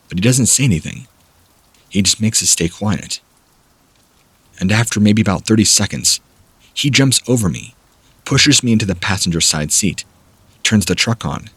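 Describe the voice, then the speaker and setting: Deep husky male horror narrator. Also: no room sound. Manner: steady, measured storytelling. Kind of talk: scripted narration of scary stories.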